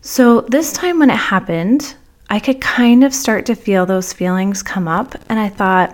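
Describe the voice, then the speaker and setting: Woman, podcast host, personal storytelling, animated, acts out dialogue, mid-pitched. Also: a little slow.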